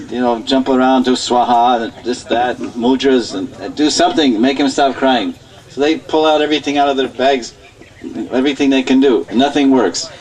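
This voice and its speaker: Man, temple talk, animated storytelling, laughs often, mid pitch, distant mic. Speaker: preacher. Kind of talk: storytelling lecture. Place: temple hall.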